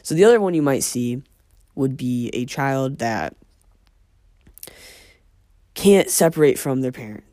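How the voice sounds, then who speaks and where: A man's voice: mid-range voice, darkish tone, no echo, studio quality. Rambling, swearing man musing aloud. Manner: rambling, profane, self-interrupting. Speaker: podcast host. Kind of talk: casual monologue.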